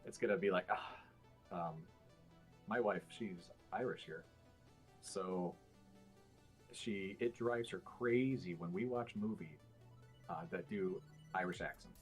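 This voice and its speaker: Low-voiced man explaining at length. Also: measured pace, long pauses, faint music behind. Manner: explanatory, many fillers and restarts. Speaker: podcast guest. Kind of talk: casual chat.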